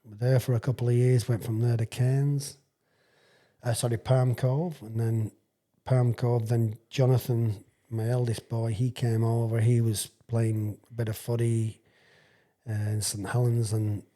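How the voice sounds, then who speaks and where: A man's voice: mid-range voice, flat delivery, measured pace, warm tone. A man around sixty, a retired rugby league player telling rambling, chuckling stories as a podcast guest. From England. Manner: rambling, chuckling storyteller with frequent restarts. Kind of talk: casual storytelling anecdote.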